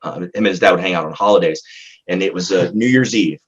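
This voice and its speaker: A man, a psychologist, recounting a therapy case in conversation, in a halting, earnest way with frequent restarts. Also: low-pitched, slightly rough, dull audio.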